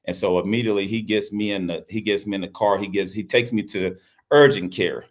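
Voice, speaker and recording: Deep-voiced man telling a personal story. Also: steady tone, brisk. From Louisiana. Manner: earnest, repeats phrases, acts out quoted speech. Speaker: basketball coach and guest.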